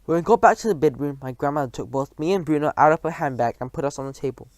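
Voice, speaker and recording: A man reading a children's storybook aloud in a lively storytelling manner. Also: a little high, fast talker, no room sound. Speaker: narrator.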